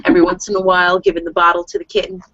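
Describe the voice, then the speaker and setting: A woman's voice: lowish voice, monotone, rapid-fire, a bit bright, dry recording. A woman casually narrating her character in a role-play session, rambling and swearing. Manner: rambling, profane, giggly. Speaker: tabletop role-play player. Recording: dull lo-fi dry recording.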